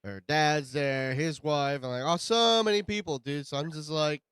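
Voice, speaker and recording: A man's voice: on the high side, moderate pace, few pauses, fairly bright tone, clean tone, no room sound. Laid-back dude-saying man podcast host. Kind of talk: casual chat.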